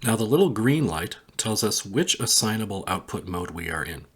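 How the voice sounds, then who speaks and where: Deep husky man explaining a synth. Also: moderate pace. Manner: relaxed, explains step by step while pressing buttons. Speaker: synthesizer tutorial host. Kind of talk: casual hands-on tutorial.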